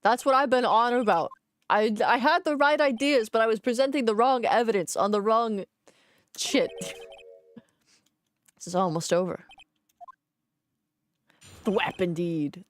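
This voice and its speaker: A woman's voice: fairly high pitch, moderate pace, pauses often, slight background noise. A woman streaming a game in casual commentary, playful and cursing, reading the game's text aloud as she goes.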